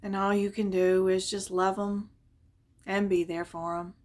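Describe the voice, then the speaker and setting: A woman voicing a loving elderly grandmother, speaking softly and reassuringly in a retold family story. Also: medium pitch, level tone, a little slow, lightly acted. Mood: tender. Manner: soft, tender, reassuring.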